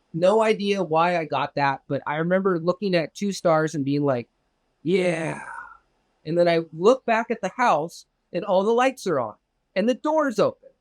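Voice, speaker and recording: As an interview guest, a man from Southern California casually tells the story of his UFO experience. He is animated and profane, acting out the other people's voices in quoted exchanges with big pitch jumps, and the recording is dry.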